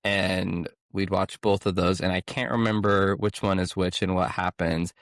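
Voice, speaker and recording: A man's voice: low voice, fairly even intonation, normal speed, dry recording, studio quality. A man co-hosting a film podcast, chatting in an easygoing way with laughing asides. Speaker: podcast co-host. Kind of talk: casual film chat.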